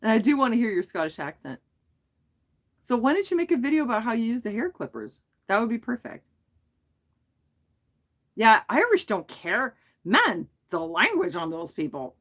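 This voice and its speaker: A woman's voice: on the high side, big pitch swings, moderate pace, pauses often. Giggly middle-aged woman livestreaming. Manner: chatty, giggly, self-deprecating. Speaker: livestream host. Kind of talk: casual livestream chat.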